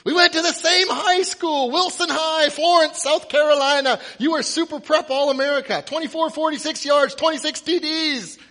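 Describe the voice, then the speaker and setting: A man playing a desperate, starstruck male superfan who shouts and pleads while rattling off facts. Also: very high voice, animated, measured pace, hardly any pauses, pitched above the performer's own voice, full character voice. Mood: frantic pleading.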